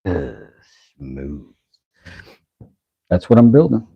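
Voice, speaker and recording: A man's voice: low-pitched, sing-song, takes it slowly, vocal fry, breathy edge, phone-quality sound. A man chatting casually with his live-stream audience while carving wood, joking and bantering playfully. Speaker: woodworking streamer.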